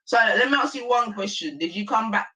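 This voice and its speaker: A man's voice: sits high, animated, a little fast, pushed and bright, rough recording. A man chatting casually on a game stream, laid-back and slangy, laughing often.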